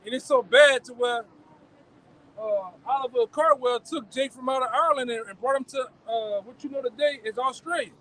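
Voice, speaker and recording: A man reading scripture slowly outdoors, then talking casually in slang. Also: very high-pitched, fairly bright tone, low-quality recording.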